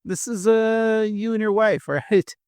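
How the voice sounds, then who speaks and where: A man co-hosting a podcast in relaxed, rambling chat, laughing often. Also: high-pitched, slow, clean tone, no room sound, studio quality. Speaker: podcast co-host. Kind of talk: casual chat.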